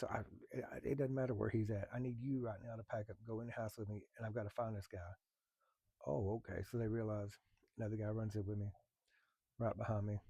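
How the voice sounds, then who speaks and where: Man, husky and dark tone, blunt, profane, halting, personal storytelling. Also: fairly low pitch, no echo. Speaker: firefighter telling a personal story. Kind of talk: candid storytelling.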